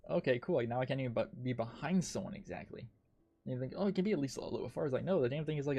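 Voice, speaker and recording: A man's voice: mid-range voice, vocal fry, warm tone, slightly rough. A man streaming a game, ranting in frustration and swearing a lot as he comments on his play. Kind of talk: live gameplay commentary.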